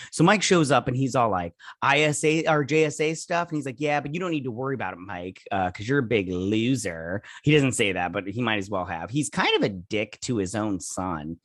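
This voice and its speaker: A man's voice: mid-range voice, no room sound. A man hosting a casual TV episode review, recapping scenes in a rambling, sarcastic way with many fillers and restarts. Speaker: show host reviewing TV episodes.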